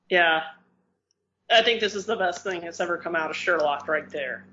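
A woman co-hosting a casual podcast chat, excitable and quick to swear, often restarting her sentences. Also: fairly low pitch. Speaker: podcast co-host. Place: living in Australia. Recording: slightly dull lo-fi podcast audio.

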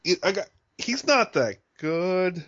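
A man's voice: high-pitched, sing-song, takes it slowly, fairly bright tone. A man co-hosting a casual podcast chat, dry and teasing, stammering a little as he restarts his sentences. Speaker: podcast co-host. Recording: slightly dull lo-fi podcast audio.

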